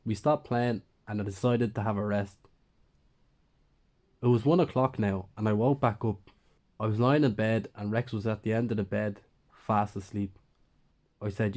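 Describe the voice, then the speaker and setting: A man's voice: lowish voice, normal speed, long pauses, a little mellow. A man narrating a first-person horror story in a plain, conversational way.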